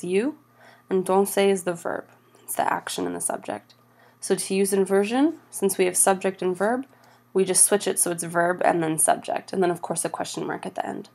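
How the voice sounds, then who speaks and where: A woman teaching French grammar over slides, patient and steady, slowing down for each example phrase. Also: mid-range voice, creaky.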